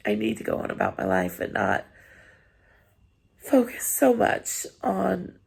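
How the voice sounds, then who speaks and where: A woman's voice: rumbling low, wildly swooping pitch, unhurried, creaky, darkish tone, breathy edge. A woman vlogger, tearful after crying, talking earnestly and apologetically to her viewers, encouraging them. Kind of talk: heartfelt personal vlog talk.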